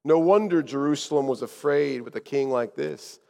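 A man preaching a sermon as a first-person story, told dramatically and often dropping to hushed tones. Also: mid-range voice, normal speed, vocal fry, in a large hall.

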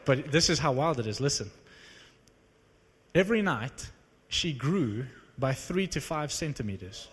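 A man preaching a sermon and telling stories with animated energy, acting out the dialogue. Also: medium pitch, moderate pace, big-room sound. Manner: animated storytelling, acts out dialogue. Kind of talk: sermon with storytelling.

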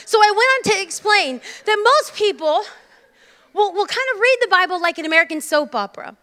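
A woman preaching a sermon as a guest speaker, animated and joking as she tells stories. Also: very high-pitched, brisk.

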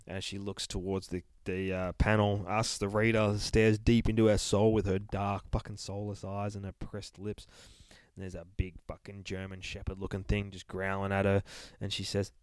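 A man's voice: on the low side, fairly even intonation, normal speed, a little mellow, smooth, no room sound. Foul-mouthed man recapping a comic. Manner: swears constantly, acts out characters' lines. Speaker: comic book podcast host. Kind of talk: casual profane comic recap.

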